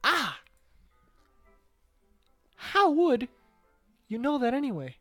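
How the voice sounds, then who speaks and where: A man's voice: very high voice, big pitch swings, pushed and bright, no room sound, soft background music, voice pushed up, exaggerated voice. A man voicing a feisty, prickly teenage girl in a visual novel, reading her lines in a bratty, teasing way. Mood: flustered. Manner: bratty, teasing, quick to snap back.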